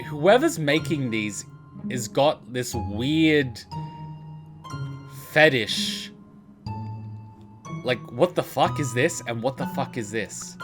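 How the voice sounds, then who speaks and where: An Australian man giving casual gameplay commentary, telling rambling stories and swearing freely. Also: mid-range voice. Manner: profane, rambling storyteller. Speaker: let's play host.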